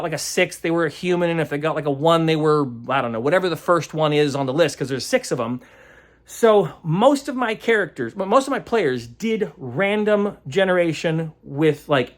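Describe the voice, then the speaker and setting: Man, game master type, loose rambling recap, stops to hunt for the right word, chuckles a lot. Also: high-pitched. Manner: rambling, searching aloud for words; chuckles often. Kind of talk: casual vlog recap.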